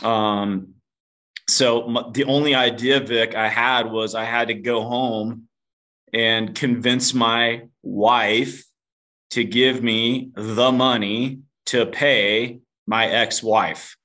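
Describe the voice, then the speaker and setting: A man's voice: medium pitch, fairly even intonation, slow pace, sharp tone. A man guest on a podcast interview, telling a personal story candidly, mocking himself and swearing casually. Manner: self-deprecating, casual swearing; calls the host dude.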